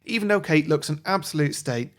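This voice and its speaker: A man with a higher voice, lively intonation, and a fairly quick pace co-hosts a podcast. In casual chat he pitches an imagined sequel plot, telling the story with many ums and self-corrections.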